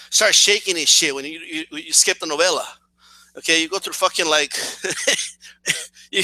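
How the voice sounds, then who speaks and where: A man's voice: high-pitched, dry recording. A young man with a slight cough, ranting comically to camera, swearing a lot and stammering over repeated words. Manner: animated, swearing, stammering repeats, acts out shouts. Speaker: boxing channel vlogger.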